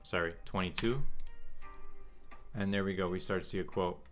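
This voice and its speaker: Low-voiced man chatting on a trading stream. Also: fairly even intonation, fairly bright tone, soft background music. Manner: thinks aloud, halting, reads chat questions. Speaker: trading livestream host. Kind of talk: casual livestream chat about markets.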